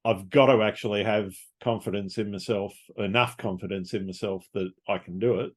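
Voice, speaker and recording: A male podcast host talks over his thoughts in a reflective, measured way. His voice sits on the low side, and he keeps an easy, conversational tone. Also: fairly even intonation, husky. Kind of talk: casual podcast interview.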